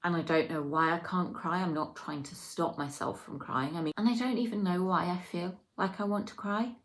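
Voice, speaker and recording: A tired woman speaking in a personal video diary, hesitant and subdued, often pausing and restarting. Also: lowish voice, fairly even intonation. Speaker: video diarist.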